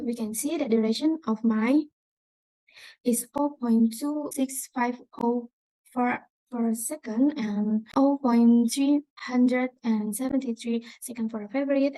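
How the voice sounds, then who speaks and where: In a low-quality recording with no room sound, a young woman with a fairly high, warm voice presents her exam project on screen. A native Indonesian speaker, she carefully reads each number out step by step.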